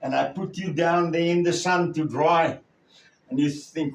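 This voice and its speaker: A male preacher tells his sermon as a story, slowly and haltingly, with long pauses between phrases. His voice sits fairly high for a man. He is recorded from a distance in a strongly echoing room. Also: fairly even intonation, vocal fry. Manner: slow, halting delivery with many pauses. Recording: echoey room, far from the mic.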